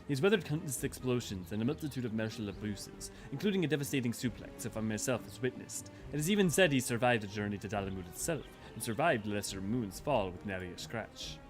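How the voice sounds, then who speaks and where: A man's voice: medium pitch, lively intonation, fairly quick, few pauses, over music, lightly acted. A man voicing a pompous, scheming male villain dealer in a game, reading the lines in a stiff, unctuous way. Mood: smug. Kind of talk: reading game dialogue aloud.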